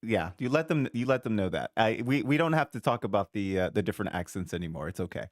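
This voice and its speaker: A man's voice: lowish voice, very animated, fast talker, dry recording, clean studio sound. A man hosting a live chat, teasing and stammering, often laughing as he talks. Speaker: live-stream host.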